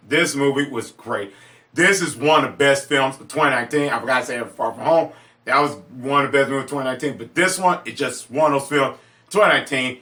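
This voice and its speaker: An excitable man talks through his movie rankings in a loose, rambling monologue, circling back on his words. His voice is bright and pushing, and it leaps into high yelps whenever he gets carried away. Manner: excitable, gushing, repeats himself, sudden high-pitched exclamations. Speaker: movie reviewer.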